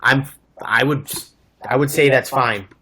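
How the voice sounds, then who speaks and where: A man's voice: mid-range voice, unhurried, sharp tone. Jokey man reading viewer comments. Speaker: co-host and culinary school graduate. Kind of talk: casual livestream chat.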